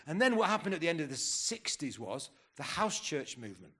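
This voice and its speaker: In his fifties, a man preaches a conference sermon in a rather high, very animated voice that comes out fairly quick, pushed and bright. He rouses the crowd and quizzes them with questions, often stumbling and restarting his sentences.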